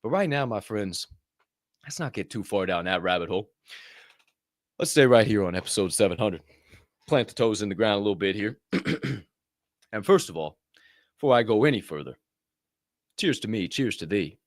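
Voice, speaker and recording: A man hosting a morning show, his pitch leaping all over the place as he hypes up his listeners. He is playful and goofy, dropping into hushed asides and then bursting out loud again. The sound is dry and close, with no room around the voice. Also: expressive, moderate pace, long pauses, no echo. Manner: playful, hyped, sips coffee between lines. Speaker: podcast host. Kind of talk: energetic morning show monologue.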